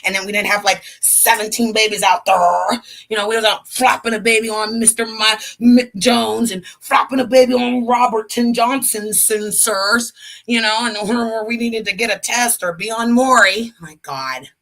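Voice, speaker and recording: Brief: bright, sassy woman streamer preaching to her chat, emphatic, honey-this honey-that. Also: a little high, moderate pace. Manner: talks straight to her chat. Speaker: livestream host. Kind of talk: casual livestream monologue with preaching.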